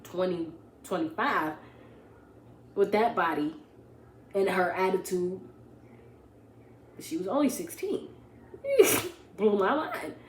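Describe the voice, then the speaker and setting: A young woman vlogger, telling a story in a casual, animated, rambling way and often correcting herself. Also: lowish voice, a little hiss or hum. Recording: echoey room with faint ambience.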